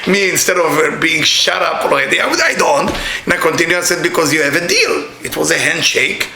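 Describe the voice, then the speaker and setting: A middle-aged man with an Israeli accent, giving a spiritual talk with blunt, joking, animated storytelling. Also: a little high, fairly quick, creaky, hardly any pauses, roomy sound, crowd noise. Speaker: kabbalah teacher.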